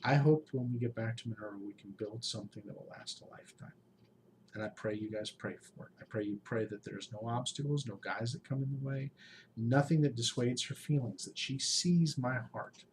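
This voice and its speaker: A man in his late forties giving an emotional personal update to his channel's followers, heartfelt and pleading, often halting with restarts and sighs. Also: medium pitch, slight background noise. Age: 40s. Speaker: YouTube game master channel host.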